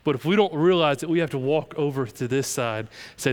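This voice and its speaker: A man's voice: fairly high pitch, a little fast, few pauses. A young adult man, preaching a sermon emphatically as pastor. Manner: emphatic, preaching with rising intensity.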